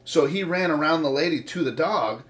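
A man's voice: fairly high pitch, moderate pace. A man in casual chat, telling stories with lots of swearing and acted-out quotes. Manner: profane, animated storytelling with quoted voices.

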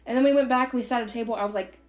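Woman, twenties, podcast co-host; fairly high voice, lively storyteller who acts out the lines she quotes and curses casually. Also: racing. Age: 20s. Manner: animated, swearing, acts out quotes.

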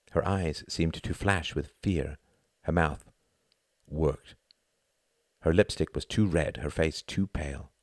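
Deep-voiced male audiobook narrator. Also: no room sound, studio quality. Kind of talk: audiobook reading of a novel.

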